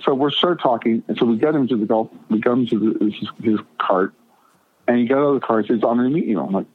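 A man's voice: medium pitch, fast, slightly rough. A middle-aged man telling long stories in a casual chat, full of stammered restarts and quotes he acts out. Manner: rambling, stammering restarts, animated retelling of quotes. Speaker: guest. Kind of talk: casual storytelling. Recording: tinny phone line.

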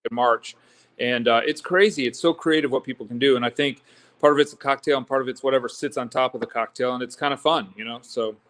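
A man from Florida, a guest at a bar, explains things in a halting way and trips over repeated words as he goes. He speaks at a middling pitch, with nothing strained or unusual in his voice. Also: fairly bright tone. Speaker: distillery guest. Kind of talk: casual chat at a bar.

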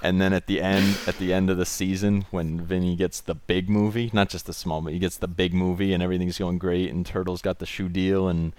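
A man's voice: sits low, level tone, fairly quick, few pauses, darkish tone. A man chatting casually and joking, rambling through bits and doing goofy impressions. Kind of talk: casual chat.

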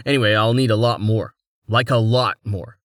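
A man voicing a brisk young male captain who talks casually and gets straight to business. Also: on the low side, a bit bright, no room sound, studio quality, close to an everyday voice.

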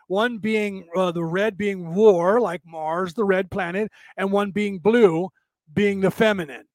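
Male podcast host, blunt spiritual monologue, high voice, dry close sound. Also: no echo. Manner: opinionated, blunt, uses rhetorical questions.

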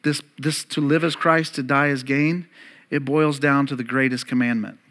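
A man in his thirties preaching a sermon to his church, emphatic, rising loud and high and then dropping soft and low, and calling on the congregation to repeat words. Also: fairly even intonation, moderate pace. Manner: emphatic, climbs louder and higher, then drops to soft and low. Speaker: pastor.

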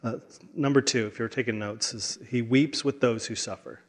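A man delivers a sermon in an earnest, heartfelt way. He often trips over his own words and repeats them as he pushes forward, speaking at an average pitch for a man. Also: fairly even intonation, normal speed. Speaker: pastor.

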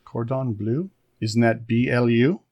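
A man co-hosting a podcast in relaxed conversation. He rambles and restarts his sentences often, filling gaps with "uh" and "you know", and his voice sits at a middling pitch. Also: unhurried. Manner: rambling, chatty, with many fillers and restarts. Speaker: podcast co-host. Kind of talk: casual chat.

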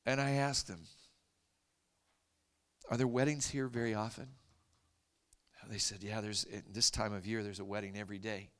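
A man preaching a sermon, telling a story in an earnest, soft-spoken way that sinks to a near whisper at tender moments. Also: on the low side, steady tone, moderate pace, long pauses, smooth. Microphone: handheld mic, later set aside to talk loud off-mic.

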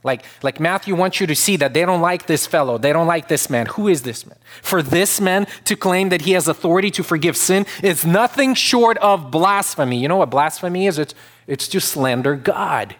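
A man preaching a sermon to his church, earnest, repeating himself as he builds to loud, emphatic peaks. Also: on the high side, lively intonation, normal speed. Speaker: pastor.

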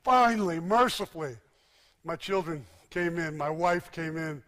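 Emphatic male preacher in reverberant hall. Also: unhurried. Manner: emphatic storytelling, drops to hushed low endings. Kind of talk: sermon.

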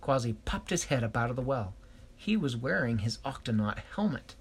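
A man telling an improvised story, hesitant, pausing and correcting himself. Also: medium pitch, very animated, slight background noise.

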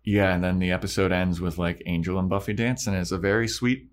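A man's voice: low voice, fairly even intonation, brisk. A man co-hosting a podcast, casually recapping a TV episode and acting out the characters' lines as he retells it. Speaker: podcast co-host. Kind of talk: casual chat, recapping a show.

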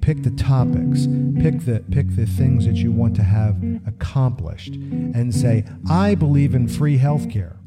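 Emphatic man talking over loud guitar. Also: medium pitch. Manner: emphatic, repeats himself while pressing a point. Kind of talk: casual political chat. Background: loud guitar music.

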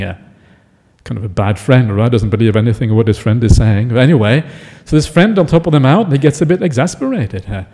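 A man's voice: medium pitch, animated, fairly quick, dark tone. A man, a Buddhist monk, giving a chatty dharma talk and often checking in with listeners. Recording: echoey hall.

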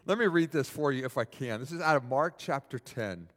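A man preaching a sermon in a church hall, animated and asking the audience questions. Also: mid-range voice, brisk. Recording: long reverb of a large hall.

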